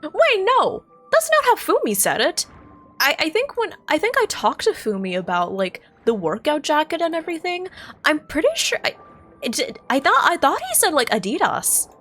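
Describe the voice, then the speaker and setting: Lively, chatty American woman streamer. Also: sits high, moderate pace, faint music behind. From United States. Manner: chatty and rambling, thinks aloud, self-correcting. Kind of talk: casual chat with live stream chat.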